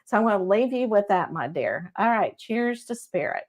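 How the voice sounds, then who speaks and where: A chatty middle-aged woman with a Texas drawl gives psychic readings on a live stream. Her pitch sits at an ordinary middle height for a woman. She keeps checking in with her listeners as she talks. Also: animated, normal speed. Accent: Texan. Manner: chatty, warm-hearted, frequent "okay?" check-ins. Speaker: psychic medium host.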